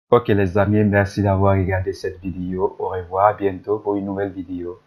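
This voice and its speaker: Husky guy doing a french pronunciation lesson, repeats words over and over. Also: low voice, little pitch movement, a little mellow, rough recording. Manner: repeats words slowly for drilling. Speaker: French teacher.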